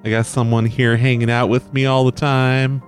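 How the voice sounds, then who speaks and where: A man's voice: mid-range voice, little pitch movement, normal speed, soft background music. Male podcast host, wry and self-mocking, casual chat. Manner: wry, self-deprecating, joking. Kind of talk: casual chat reacting to voicemails.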